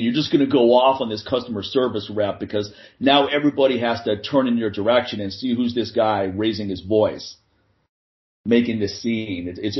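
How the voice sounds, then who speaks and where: A man's voice: on the low side, highs cut off. A man hosting a podcast, giving blunt, disdainful opinions in casual chat. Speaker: podcast host.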